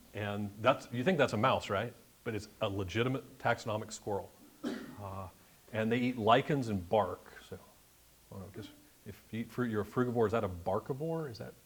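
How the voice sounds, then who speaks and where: A man giving a chatty, joking slide-show talk about a birding trip to a live club audience. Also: on the low side. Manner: jokey, chatty asides. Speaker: guest presenter at a bird club meeting. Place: meeting room with an audience.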